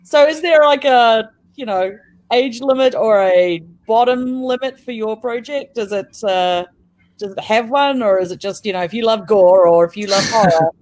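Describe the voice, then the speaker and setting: A woman's voice: a little high, normal speed, darkish tone. A woman with a New Zealand accent on a video call, chatting playfully and with dry humor as a livestream guest. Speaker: guest author. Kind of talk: casual chat on a livestream.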